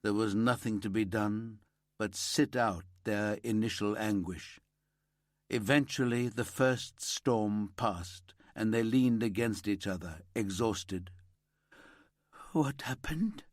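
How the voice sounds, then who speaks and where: Slow, somber male audiobook narrator. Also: fairly low pitch, steady tone, dry recording, studio quality. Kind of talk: scripted narration.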